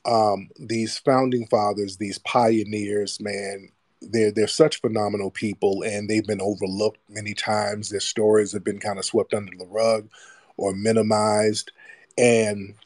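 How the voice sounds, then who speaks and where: A man hosting a casual commentary monologue, slangy and mocking, breaking into shrill voices to mimic his critics. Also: flat delivery, unhurried, a little mellow, no room sound. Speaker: host.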